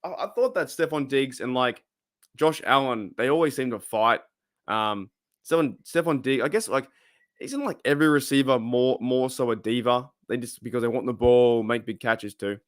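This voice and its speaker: A man with an Australian accent and a hoarse, cracking voice, hosting a casual live chat and reading out viewer comments. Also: medium pitch, normal speed, dry recording, clean studio sound. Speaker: livestream host. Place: home room.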